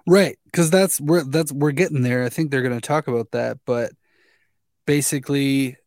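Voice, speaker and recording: A man's voice: medium pitch, moderate pace, darkish tone, no echo, clean studio sound. A young man co-hosting a casual chat, talking in loose, rambling sentences with many restarts. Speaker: podcast co-host.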